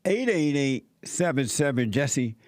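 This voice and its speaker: A man's voice: medium pitch, lively intonation, measured pace, no room sound, studio quality. A man filling in as host of a call-in talk show, reading a news story and giving blunt, opinionated commentary in plainspoken, casual grammar.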